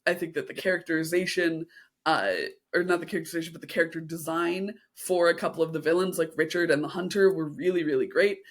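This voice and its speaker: A woman co-hosts a podcast in relaxed conversation. She is upbeat and agreeable. She keeps the talk moving between topics. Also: deep voice, fast talker. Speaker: podcast co-host. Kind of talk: casual chat.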